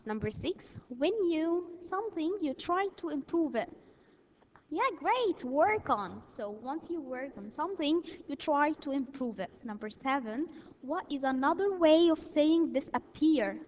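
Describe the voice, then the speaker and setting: Slow high-voiced woman teaching vocabulary. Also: animated, darkish tone. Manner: slow, explains step by step with halting fillers. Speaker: English teacher. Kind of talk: recorded vocabulary lesson. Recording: dull lo-fi audio with long reverb.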